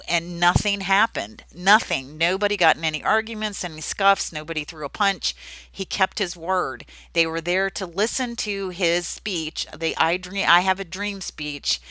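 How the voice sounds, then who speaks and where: A woman teaching a recorded history lesson, talking in a chatty, emphatic way with fillers and repeats. Her voice is bright and forceful and sits a little low. The sound is dry and close. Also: no room sound, poor audio. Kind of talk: recorded history lecture over slides.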